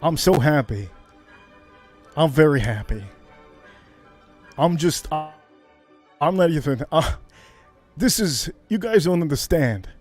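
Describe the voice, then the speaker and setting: Male livestream host, high animated delivery, repeats himself, hypes the chat. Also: slow, pauses often, faint music behind. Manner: hyped, repetitive, shouts catchphrases.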